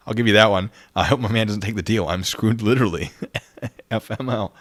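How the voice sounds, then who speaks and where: A man's voice: fairly low pitch, moderate pace. A man giving sarcastic live-stream commentary at a desk microphone, with joking asides, and stopping to read chat and thank viewers for donations. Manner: sarcastic, animated, laughing asides; reads donations and chat aloud.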